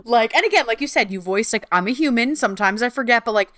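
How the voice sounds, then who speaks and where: A woman's voice: on the high side, expressive, fast, a bit bright, no echo, clean studio sound. Gushing, "like"-heavy woman podcast host. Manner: enthusiastic, lots of "like" and swearing, frequent backchannel agreement. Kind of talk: casual conversational interview.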